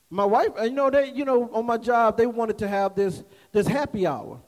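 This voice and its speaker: Male pastor, very high-pitched voice, casual preaching, call-and-response, long hall echo. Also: lively intonation, normal speed, hardly any pauses. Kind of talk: sermon. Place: church sanctuary. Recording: echoey hall reverb.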